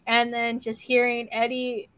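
A woman's voice: on the high side, completely flat delivery, unhurried, fairly bright tone, clear, resonant tone, no room sound, poor audio. A woman co-hosting a podcast in casual chat, laid-back and slangy with casual swearing. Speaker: podcast co-host.

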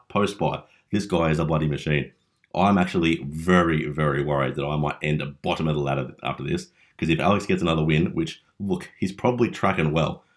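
A young Australian man hosting a casual fantasy league recap, chatty and teasing with mock-dramatic flair. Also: very deep voice. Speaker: fantasy league podcast host.

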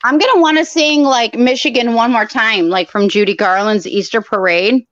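A woman's voice: on the high side, normal speed, fairly bright tone, highs cut off. A woman co-hosting over a video call, chatting in a bubbly, enthusiastic way. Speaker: co-host. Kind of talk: casual chat.

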